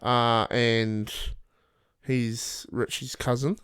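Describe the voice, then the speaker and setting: A young man with a New Zealand accent, co-hosting a casual podcast chat, laughing often and swearing freely as he tells animated stories. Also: mid-range voice, very slow, clean tone, dry recording, clean studio sound. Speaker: podcast co-host.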